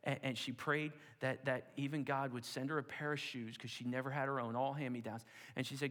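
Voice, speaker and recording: A man preaching, telling a story dramatically with repeated words and hushed asides. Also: medium pitch, flat delivery, brisk, hardly any pauses. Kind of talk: sermon storytelling. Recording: long hall reverb.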